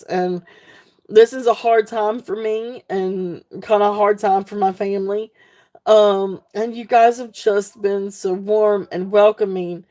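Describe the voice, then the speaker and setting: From her home, a woman selling jewelry online hosts a live sale, chatting casually and at length with viewers. Her mellow, soft-edged, mid-range voice carries rambling, heartfelt talk with many fillers, frequent laughter, and warm thanks.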